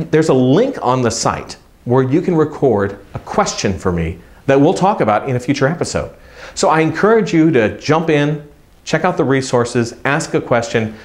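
A middle-aged man hosting an advice show, talking to camera in a casual, friendly, encouraging way. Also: mid-range voice. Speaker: video coach and show host.

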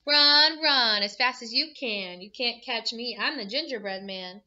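A woman's voice: fairly high pitch, a little slow, sharp tone, muffled recording. A woman voicing a cheeky, boastful gingerbread cookie boy who chants taunting rhymes. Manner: taunting sing-song chant.

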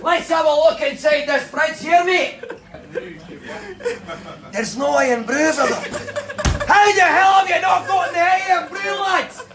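A man playing a loud, hot-headed Scottish man with a put-on Scottish accent, shouting and laughing through his lines. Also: very high voice, measured pace, pauses often, a crowd in the background. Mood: outraged. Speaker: prankster. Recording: loud background noise.

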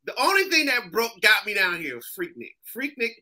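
Man, very bright tone, animated storyteller, does other people's voices, casual chat. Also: sits high, brisk. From Massachusetts. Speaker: comedian guest.

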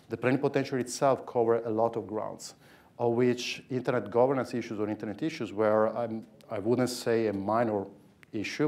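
A man from Italy speaking as a panelist in a policy discussion, talking in a measured, thoughtful way with frequent fillers. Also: mid-range voice, darkish tone.

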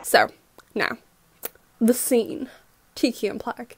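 A young woman recapping a cartoon episode in a gushing, excitable fangirl way. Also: fairly high pitch, takes it slowly, noisy background. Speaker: fan reaction host.

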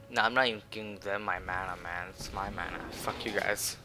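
A man's voice: on the low side, fairly even intonation, normal speed, hardly any pauses, sharp tone, faint music behind. A man giving live commentary while playing a video game, ranting and swearing, flipping between muttered whispers and outbursts. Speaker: gamer playing online.

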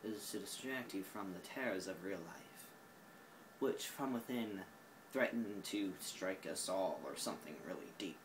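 A man's voice: deep voice, measured pace, slight background noise, rough recording. A tired man with an Oklahoma accent, rambling goofily through a casual vlog monologue recorded on a phone while sitting indoors. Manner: goofy, drifting, self-mocking. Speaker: vlogger.

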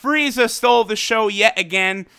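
A man reviewing an anime episode in a loose, excitable way, swearing freely and laughing as he recaps. His voice is bright and forceful. The tone is smooth and clear. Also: sits high, moderate pace. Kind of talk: casual video review.

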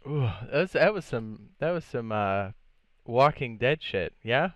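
Man streaming a game, smooth resonant voice, excitable, swears a lot, laughs often. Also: medium pitch, measured pace, no echo. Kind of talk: live gameplay commentary.

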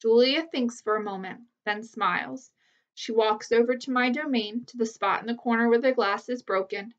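A woman's voice: fairly high pitch, normal speed, far from the mic. Woman reading a children's story aloud. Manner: steady, clear storytelling. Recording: slightly muffled lo-fi recording.

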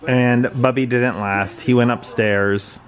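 A young man chatting casually in a home vlog, relaxed and quietly upbeat. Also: medium pitch, takes it slowly. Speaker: vlogger.

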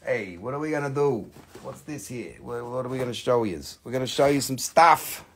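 A man's voice: medium pitch, a little fast, fairly bright tone, slight background noise. A man hosting a live crystal sale stream, chatty and self-mocking, joking nonstop with viewers. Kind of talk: casual live sales stream banter.

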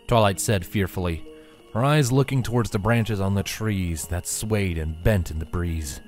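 Very deep guy reading a fanfic story, slow and expressive, soft music under. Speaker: fanfiction reader. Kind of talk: storybook narration. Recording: dry close voice with faint music.

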